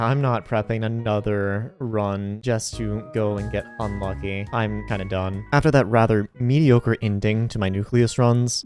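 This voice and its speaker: A man's voice: lowish voice, darkish tone. A man giving casual, self-mocking commentary over his own gameplay, with sarcastic asides. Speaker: gaming YouTuber.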